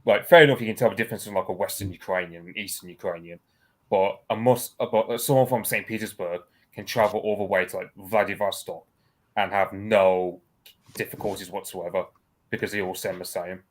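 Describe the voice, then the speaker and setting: A man with a mild Birmingham accent chats casually as a guest. His voice is very low, and he rambles through his points with plenty of fillers. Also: fairly even intonation, brisk. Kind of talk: casual podcast chat.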